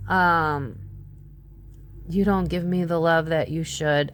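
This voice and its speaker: Brief: woman tarot reader, lowish voice, blunt and chatty, dry close sound. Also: no room sound. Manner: chatty, exclaiming, blunt, swears. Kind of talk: casual tarot reading to camera.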